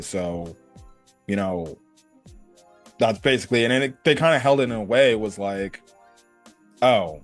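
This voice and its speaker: Casual male reviewer, mid-pitched, chatty, rambling, lots of filler words, faint music underneath. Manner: rambling, full of "like" and "you know"; animated, jumps between high and low pitch. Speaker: anime reviewer.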